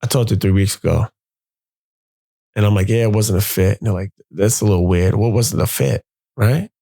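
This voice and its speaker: Man, podcast host, storytelling, gravelly, mellow dark tone, animated, cusses. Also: lowish voice, fairly quick. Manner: animated, profane, acts out quotes. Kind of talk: personal storytelling.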